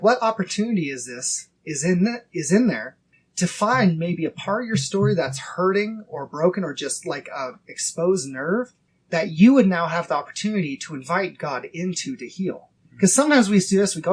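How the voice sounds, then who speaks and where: A man in his thirties hosting a casual faith podcast, earnest and acting out inner dialogue in quick quoted bits. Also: high-pitched, expressive, husky. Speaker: podcast host.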